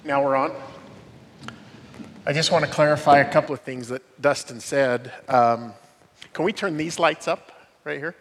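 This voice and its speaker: A man's voice: on the high side, steady tone, moderate pace, long pauses. Middle-aged man, university dean, devotional storyteller with dry humor; live hall sound, long reverb. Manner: storytelling, self-deprecating humor. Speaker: dean of students. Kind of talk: devotional talk to students. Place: large hall on a university campus.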